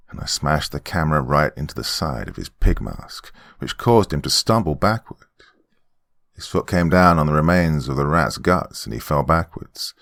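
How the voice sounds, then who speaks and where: Deep-voiced male horror narrator, measured and dramatic, dry close-mic sound. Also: gravelly, fairly bright tone, no echo. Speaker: horror podcast host and narrator. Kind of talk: first-person horror story narration.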